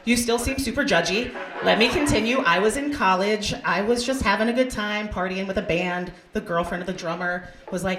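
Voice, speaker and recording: A woman's voice: mid-range voice, a little fast, a bit bright. Brash woman doing crude club stand-up. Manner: brash, crude, chatty with the crowd. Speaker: stand-up comedian hosting a show. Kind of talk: stand-up comedy set. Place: comedy club stage. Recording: roomy club sound.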